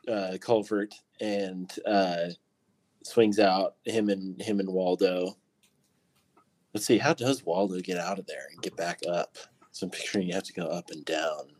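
Male player, low voice, easygoing, narrating his character's moves. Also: unhurried. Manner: relaxed, describes his character's actions. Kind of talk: casual tabletop game talk.

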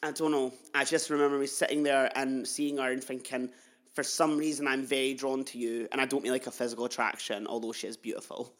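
A young man hosting a casual podcast interview, gushing and effusive, talking warmly about his guest. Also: mid-range voice, flat delivery, a little fast. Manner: gushing, effusive, laughs often. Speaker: podcast host.

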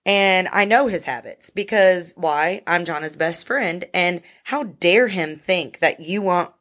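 A woman's voice: fairly low pitch, a little slow, fairly bright tone. A woman telling a story in a casual podcast chat, blunt and profane. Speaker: podcast co-host.

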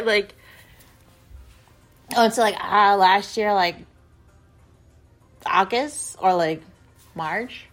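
A young woman vlogger telling a personal story in a rambling, casual way, filling every pause with "like" and speaking bluntly with plenty of swearing. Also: mid-range voice. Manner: rambling, heavy use of "like", blunt and profane.

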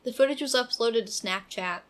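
A woman's voice: fairly high pitch, normal speed. A woman in her twenties co-hosting a true crime podcast, reading the case notes aloud and breaking off into casual asides. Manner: reads aloud steadily, then breaks off into casual chatty comments. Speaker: podcast co-host.

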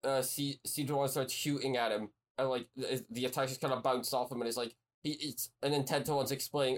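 A man's voice: mid-range voice, steady tone, brisk, hardly any pauses. A man co-hosting a laid-back podcast, cutting in with scene details. He often acts out what the characters say. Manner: jumps in to add details, acts out lines. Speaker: podcast co-host. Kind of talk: casual chat.

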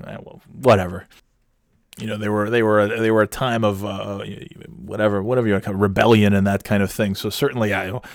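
A man's voice: on the low side, no echo, clean studio sound. A man telling a personal story in a casual, rambling way, swearing freely and often restarting his sentences. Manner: rambling, profane, with many restarts. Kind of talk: casual anecdote.

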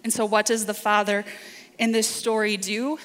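A woman preacher delivering a sermon in earnest, deliberate short phrases. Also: mid-range voice, flat delivery, a bit bright, smooth. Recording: reverberant hall.

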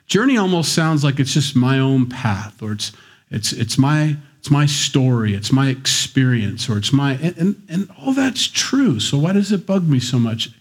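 A man's voice: medium pitch, big pitch swings, normal speed, husky. A man preaching a sermon in a conversational way, with wry asides and little acted-out voices. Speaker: pastor. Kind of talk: sermon, Bible teaching.

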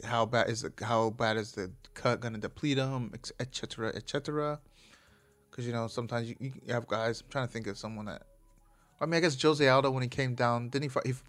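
A man talking casually as a host, rambling and swearing, often stopping to correct himself. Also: medium pitch. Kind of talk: casual chat about fights.

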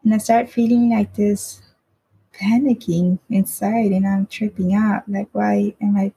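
A woman's voice: medium pitch, steady tone, measured pace, mellow, a little hiss or hum, low-quality recording. A woman casually telling a personal story in a rambling way, swearing freely and often asking "right?".

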